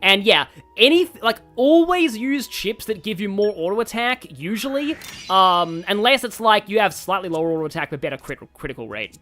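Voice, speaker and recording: Man streamer, casual rambling commentary, lively bouncy pitch, soft game music underneath. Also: normal speed. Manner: rambling, thinking aloud with many fillers. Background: faint game music.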